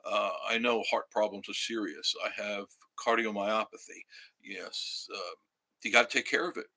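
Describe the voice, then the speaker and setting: Male live-stream host, rambling and casual, forceful bright tone, a bit low. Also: fairly even intonation, moderate pace, vocal fry. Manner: rambling, chatty, reads viewer comments aloud. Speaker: livestream host. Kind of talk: casual live-stream chat reading comments.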